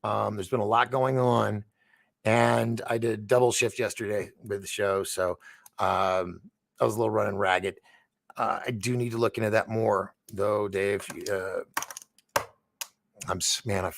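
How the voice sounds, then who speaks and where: Male stream host, gravelly voice, dry close sound, stumbles over names while reading news. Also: mid-range voice, steady tone, no echo. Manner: reads news aloud haltingly, stumbles on names, chats with viewers. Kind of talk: casual live-stream commentary.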